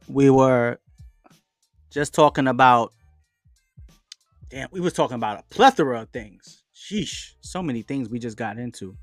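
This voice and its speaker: A man hosting a casual live stream, chatting loosely, reading out viewers' comments and giving shout-outs. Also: medium pitch, no echo. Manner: reads out and answers viewers' chat comments; relaxed, chatty, with frequent fillers and shout-outs. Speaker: livestream host. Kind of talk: casual livestream chat.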